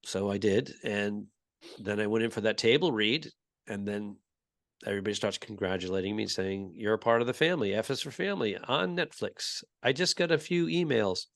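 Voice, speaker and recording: A man co-hosting a comedy podcast, telling rambling, relaxed anecdotes that often trail off into quieter asides. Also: fairly low pitch, moderate pace, vocal fry, no room sound, clean studio sound. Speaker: podcast co-host, comedian and voice actor. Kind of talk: casual comedy podcast chat.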